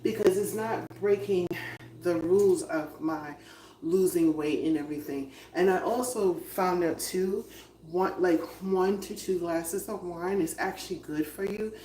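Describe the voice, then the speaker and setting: Low-voiced woman chatting while cooking. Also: unhurried, mellow. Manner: chatty, laughing, moving around the kitchen. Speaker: vlogger cooking on a livestream. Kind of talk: casual chat to viewers while cooking. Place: home kitchen. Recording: echoey room, voice drifting off-mic, noisy.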